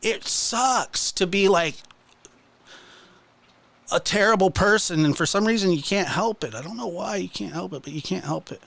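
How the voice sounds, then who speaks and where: A man's voice: high-pitched, moderate pace, vocal fry, fairly bright tone, no echo. A man hosting his own channel, ranting casually in a mocking, exasperated way with many restarts. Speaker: channel host. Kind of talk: casual livestream rant.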